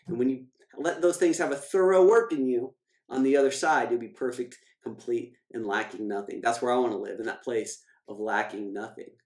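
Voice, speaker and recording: A man, a financial coach, giving an emphatic motivational scripture talk, repeating key phrases and slowing down to read verses. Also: medium pitch, darkish tone. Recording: echoey room.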